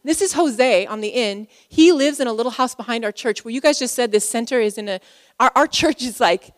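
A woman's voice: fairly high pitch, brisk. A woman in her forties giving an emotional, chatty sermon to a conference crowd. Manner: conversational, emotional, many fillers. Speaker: pastor's wife speaking at a conference. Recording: hall reverb.

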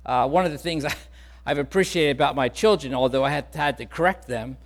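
A man pastor preaching a sermon in an earnest, conversational way, softening on key words. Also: on the high side, a little fast, in a large hall.

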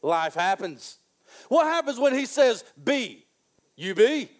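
Excitable high-voiced male preacher. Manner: animated and excitable, repeats phrases for emphasis, drawls key lines slowly. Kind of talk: sermon.

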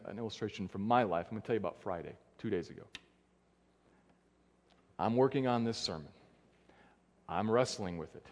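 Long church-hall reverb surrounds this earnest male pastor as he preaches in the sanctuary. For emphasis, he lets his voice fall soft and low.

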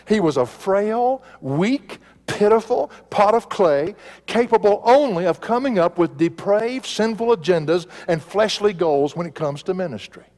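Pastor preaching, slightly high voice, soars then drops low, big church reverb. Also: male voice. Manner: emphatic, swings between soaring and hushed. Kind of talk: sermon. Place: church sanctuary.

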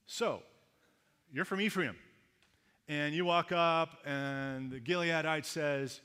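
Canadian pastor preaching in a reverberant hall. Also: male voice, on the high side, takes it slowly, pauses often, clear, resonant tone. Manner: lively storyteller who speaks to the kids and acts out voices. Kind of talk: sermon.

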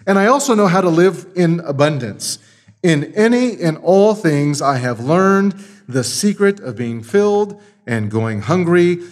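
A man preaching a Sunday morning sermon, teaching through a Bible passage with emphatic repetition. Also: on the high side. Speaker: pastor.

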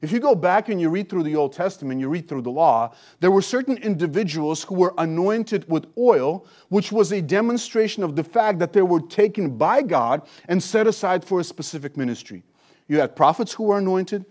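A man's voice: high-pitched, a little mellow. A man preaching an expository sermon, teaching with emphasis and rhetorical questions. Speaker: pastor.

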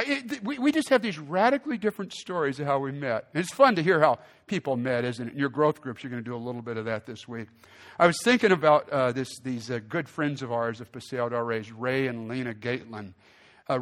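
A male pastor preaching a sermon, telling a story with lively acted-out quotes and big swings in loudness. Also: fairly high pitch.

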